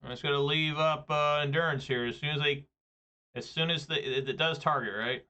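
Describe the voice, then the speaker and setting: A man's voice: fairly high pitch, steady tone, a little fast, sharp tone. Man, chatty gameplay commentator, slightly lo-fi mic. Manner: rambling, joking, chatty. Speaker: gaming video creator.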